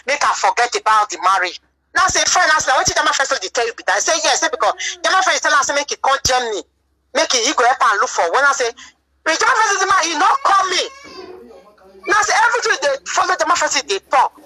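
A Nigerian woman tells her side of a marriage dispute in a rambling, defensive way and repeats her points. Her voice is bright and sharp and sits a little high. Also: poor audio. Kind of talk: emotional personal account.

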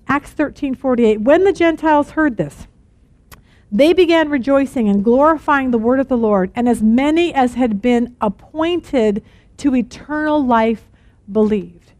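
A middle-aged woman teaching a Bible study, earnest and animated, telling stories and acting out quotes. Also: high voice, measured pace, no room sound.

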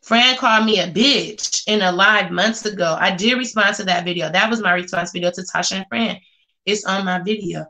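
A woman's voice: mid-range voice, fairly quick, bright, forceful tone. A woman chatting casually on a live stream, reading comments aloud and reacting with sass. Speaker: vlogger reading live chat.

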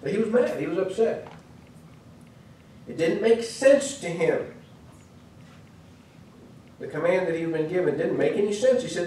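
This Midwestern American preacher's voice is a little high and darkish, moving at a moderate pace with long pauses and slight background noise. He shares a sermon lesson in a chatty, storytelling manner thick with asides, recorded far from the mic in an echoey church hall.

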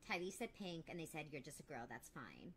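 A woman's voice: low voice, sing-song, brisk, fairly bright tone, slight background noise, heavily acted. A woman voicing a scheming, boastful young princess, trading smug, teasing banter in character while playing a game. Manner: smug, teasing, self-satisfied. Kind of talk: in-character let's-play banter.

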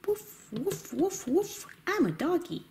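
A woman voicing an eager little puppy toy in a pretend play video, in a high, bouncy, pleading way. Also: big pitch swings, slow pace, darkish tone, exaggerated voice. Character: eager little puppy, pushy about going first.

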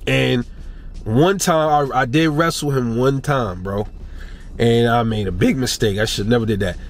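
A young man ranting and telling a casual story about fighting, swearing a lot and rising in pitch when he gets riled up. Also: normal speed. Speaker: boxing commentator.

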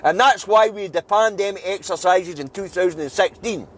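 A man's voice: sits high, moderate pace. A Scottish man giving an angry, blunt news review, swearing freely and building to emphatic outbursts. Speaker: political video commentator.

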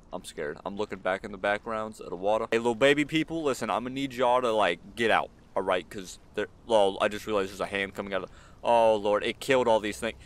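A man hosting a gaming channel, doing casual let's-play commentary; he talks to the screen in slang and yelps when he is startled. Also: on the low side. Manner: jumpy, talks to the screen, frequent frightened yelps; casual slang, says "bro" and "y'all".

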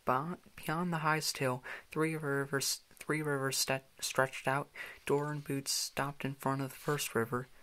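A man's voice: medium pitch, little pitch movement, a little slow, sharp tone. A man reading a children's picture book aloud, in plain narration with small slips and restarts. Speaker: reader.

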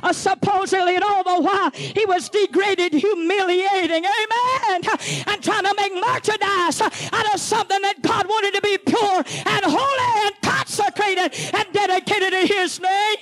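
A middle-aged woman, preaching a fiery sermon in church, shouting, chanting and throwing questions at the congregation. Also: extremely high pitch, moderate pace, few pauses. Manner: shouting, chanting, call-and-response asides. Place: church sanctuary.

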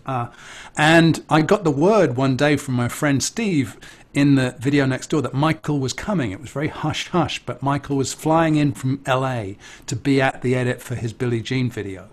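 An English man spins a long personal story at a relaxed conversational pace, animated and chatty. His voice sits at an ordinary middle pitch, and he tosses in amused little asides as he goes. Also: normal speed. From England. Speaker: interviewee, musician. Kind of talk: casual anecdotal storytelling.

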